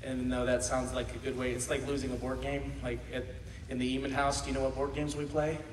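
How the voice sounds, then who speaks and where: A man in his thirties preaching a sermon, animated, swinging between shouts and quiet asides, laughing often. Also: mid-range voice, a little fast, crowd noise. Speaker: pastor. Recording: echoey hall from far off.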